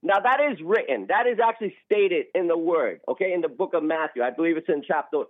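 A high-voiced man preaching and arguing as a caller, agitated and quick to talk over the other person. His voice comes through a thin, tinny phone line that sounds dry and close. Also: animated, no echo. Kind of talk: heated religious argument on a call-in show.

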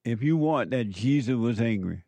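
A man's voice: medium pitch, expressive, moderate pace, warm tone, no room sound. A man preaching a sermon, emphatic and repetitive as he addresses a live audience.

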